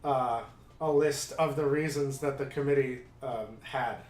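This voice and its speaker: A man doing hesitant, halting commentary while playing a video game. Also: mid-range voice, steady tone, echoey room. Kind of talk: let's play commentary.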